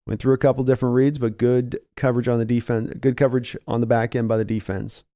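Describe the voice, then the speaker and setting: With a mid-range, warm voice and flat delivery at a quick pace, a man hosts live fan commentary on a game. He talks casually in his early-morning voice, his energy rising when a big play breaks.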